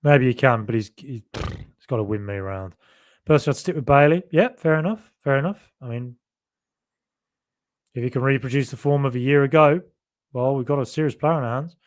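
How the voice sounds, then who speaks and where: A young podcast host from Solihull, in the Birmingham area, talks with a faded Birmingham accent in a medium-pitched, slightly fast voice. He rambles and corrects himself while reading out viewer comments in a chatty, casual exchange.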